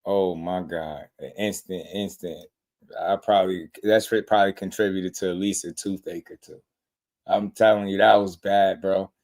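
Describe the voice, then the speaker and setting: A man's voice: sits low, fairly even intonation, normal speed, a little mellow. Laid-back man hosting a boxing show. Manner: laid-back slang, laughs often. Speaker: boxing channel host. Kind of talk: casual chat.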